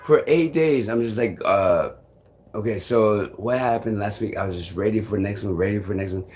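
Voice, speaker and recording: Young male vlogger, slightly low voice, halting and rambling, casual live-stream chat. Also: a little mellow, soft background music. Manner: rambling, halting, swears often, many fillers.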